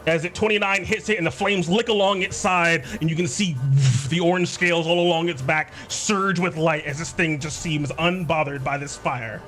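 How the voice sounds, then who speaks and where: A man narrating a tabletop game as game master, describing monsters with halting fillers. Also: fairly high pitch, fairly even intonation, fairly bright tone, soft background music.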